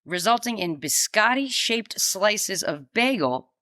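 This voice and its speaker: Woman, podcast co-host, casual chat, playful, bright tone, dry close sound. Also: medium pitch, unhurried, no room sound. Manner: animated, playful, reads out debate notes.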